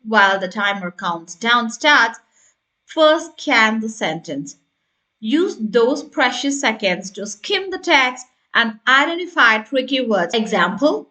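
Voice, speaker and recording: Female tutor, bright higher voice, upbeat coaching delivery, models examples slowly. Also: sing-song. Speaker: test prep teacher. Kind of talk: scripted tutorial.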